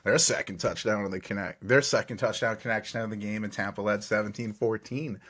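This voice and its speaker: Narrating game recaps on his sports podcast, this man goes over football games in a cheerful play-by-play manner, often fixing his words mid-sentence. He speaks fairly quickly with a fairly low, a bit bright voice and fairly even intonation.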